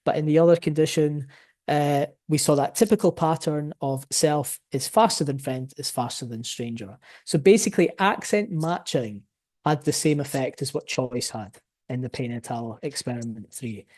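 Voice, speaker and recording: Man, slightly higher voice, academic presentation, thinking aloud. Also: normal speed, a little mellow. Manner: explanatory, thinking aloud mid-sentence. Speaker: researcher presenting his study.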